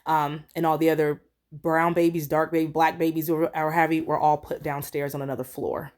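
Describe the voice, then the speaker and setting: A woman's voice: low voice, little pitch movement, brisk, a little mellow. A woman in her thirties telling a personal story in a rambling, earnest way, acting out what each person said. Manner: rambling, earnest, acts out quoted lines. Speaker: storyteller vlogger. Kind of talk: casual storytime.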